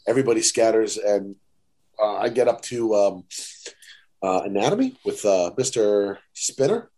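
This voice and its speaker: A man in a casual podcast chat telling an old school story with lots of energy. He laughs a lot and slips into quick voices for the people he quotes. His pitch jumps around as he goes. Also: animated, warm tone. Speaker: podcast guest.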